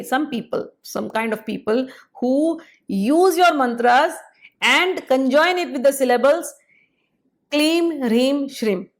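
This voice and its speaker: Woman, a spiritual teacher; slightly high voice, explanatory and measured lecture delivery. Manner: explanatory, measured, pausing to spell out syllables. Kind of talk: spoken lecture.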